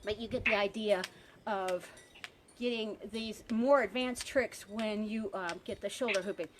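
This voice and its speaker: A woman's voice: medium pitch, unhurried, slight background noise. A woman teaching a live hula hoop workshop outdoors by a pond, chatty and encouraging.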